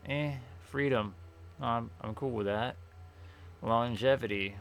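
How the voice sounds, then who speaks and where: A streamer comments casually on a game as he plays, rambling, correcting himself, and reading the game's questions aloud. His voice is gravelly, medium-pitched and slow, with slight background noise and faint game music behind.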